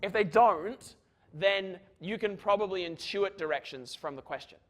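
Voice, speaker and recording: Working through equations in a university physics lecture, this man speaks in a high voice at normal speed. The lecture hall setting suits his chatty, joking manner, and he keeps asking "right?"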